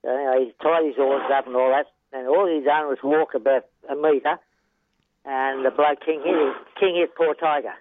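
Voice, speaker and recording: A man's voice: medium pitch, steady tone, moderate pace. An older Australian man, a retired horse trainer, telling rambling racing stories with chuckles and a constant "yeah". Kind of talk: casual storytelling interview. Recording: tinny phone line.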